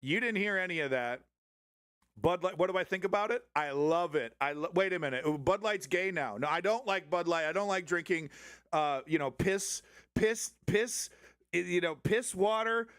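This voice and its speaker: A man voicing a mock right-wing male TV fan, ranting sarcastically with sudden shouts. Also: high-pitched, lively intonation, normal speed, smooth, dry recording, studio quality. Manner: sarcastic mocking rant, swings to shouts.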